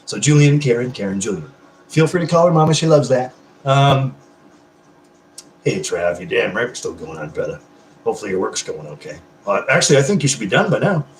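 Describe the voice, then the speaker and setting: A man in his thirties hosting a casual livestream, chatting warmly with viewers and swearing freely. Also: mid-range voice, sing-song, fairly quick, echoey room, a little hiss or hum. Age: 30s. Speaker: livestream host.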